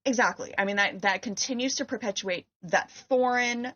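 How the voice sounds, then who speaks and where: American woman cohosting a podcast, lively and laughy, kinda husky, muffled lo-fi sound. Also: fairly high pitch, normal speed. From United States. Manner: animated, laughs often, quotes people in put-on voices. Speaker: podcast co-host. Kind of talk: casual podcast chat.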